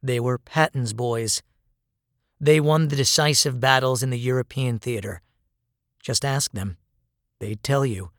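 A man reads a dramatic story in a measured, grave voice. His pitch is in the middle range. The recording is dry and close, with no room echo. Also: fairly bright tone. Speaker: narrator.

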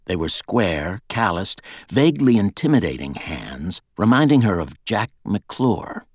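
A man reading a novel aloud as narrator, in an even, measured way. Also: deep voice, no echo, clean studio sound. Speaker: audiobook narrator. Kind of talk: scripted narration.

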